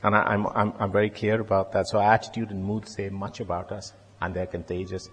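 A man's voice: on the low side, little pitch movement, brisk, slightly rough. A man and doctor giving a conversational sermon, often repeating words and adding wry asides. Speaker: lay preacher and doctor. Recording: long reverb in a hall.

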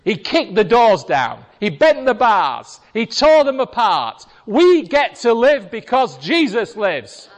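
A man's voice: very high voice, big pitch swings, takes it slowly, few pauses. A man preaching a sermon as pastor, speaking emphatically and firing rhetorical questions at the congregation in a church. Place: church hall. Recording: long reverb of a large hall.

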